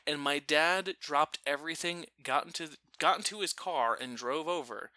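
A man telling a family story in a casual chat, animated and often breaking off to restart his sentences. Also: fairly high pitch, moderate pace, no echo. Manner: animated, self-interrupting.

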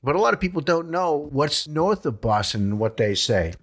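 A man's voice: on the high side, big pitch swings, moderate pace, a bit bright, breathy edge. A man from New Hampshire with a New England accent, hosting a podcast in a wry, joking, folksy monologue. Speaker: podcast host.

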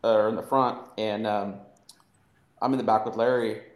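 A man's voice: lowish voice, fairly even intonation, moderate pace, roomy sound, low-quality recording. A man casually telling a story on a podcast, rambling with fillers and laughing. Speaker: podcast co-host.

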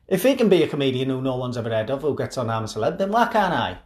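Excitable comic storyteller. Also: male voice, mid-range voice, fast talker. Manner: excitable, rambling, self-mocking. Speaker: comedy podcast host. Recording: roomy echoing room.

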